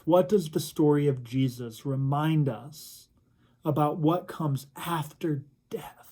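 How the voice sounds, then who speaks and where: A young man delivers a youth sermon in an unhurried, earnest storytelling manner. His voice sits a little high for a man, with a warm, mellow tone. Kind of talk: recorded youth reflection sermon.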